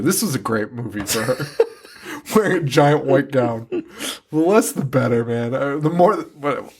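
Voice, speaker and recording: A man co-hosting a podcast in casual chat, animated, laughing often and swearing freely while acting out mocking impressions. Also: medium pitch, husky. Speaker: podcast co-host.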